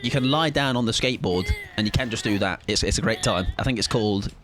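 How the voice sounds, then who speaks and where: A man streaming a game with casual, jokey commentary, often jumping into squealing high-pitched bursts. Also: quick pace, noisy background.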